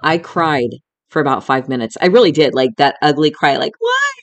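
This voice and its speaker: Her voice is low and her delivery brisk: a middle-aged woman hosting a podcast and recounting a personal story with candor and feeling. She drops some swear words and addresses the listener directly, friend to friend.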